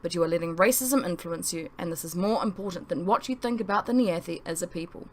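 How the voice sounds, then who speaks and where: A woman voicing a gentle noble mother who speaks softly and calmly, in a storybook reading. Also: lowish voice, quick pace, lightly acted. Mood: soothing. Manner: soft, calm, soothing.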